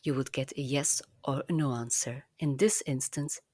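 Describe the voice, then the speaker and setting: A woman narrating a language lesson in a slow, careful, clearly enunciated teaching manner. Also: very deep voice, fairly even intonation, darkish tone, no room sound, clean studio sound.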